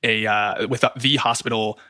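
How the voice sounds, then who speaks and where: A man hosting a true-crime podcast, narrating in a brisk, scripted way. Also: lowish voice, fairly even intonation, bright, forceful tone, dry recording, studio quality.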